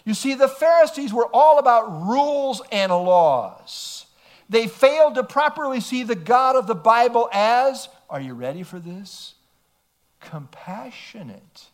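A man's voice: very high-pitched, expressive, unhurried. A male pastor preaching an emphatic sermon, reading scripture aloud and asking rhetorical questions.

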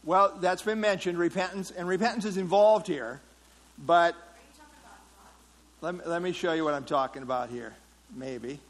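Man, Bible teacher, somewhat high voice, conversational, quizzes the class. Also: moderate pace, pauses often, poor audio. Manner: conversational, asks the class questions, frequent fillers. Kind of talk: interactive Bible study teaching.

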